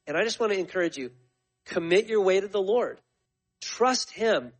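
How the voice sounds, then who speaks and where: A man's voice: sits high, expressive, normal speed, rough recording. A man in his forties, a missionary speaking to his church in a conversational, storytelling sermon full of fillers and restarts. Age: 40s. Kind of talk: sermon testimony.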